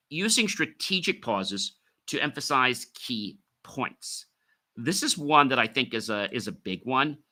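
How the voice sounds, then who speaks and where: A middle-aged man hosts a solo podcast, his voice very bright and forceful. His pitch swings widely, and he leans hard on key words with sudden bursts of volume. He sounds like a coach giving practical advice. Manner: animated, emphatic, with sudden pitch and volume jumps. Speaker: podcast host. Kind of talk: solo podcast talk on speaking skills.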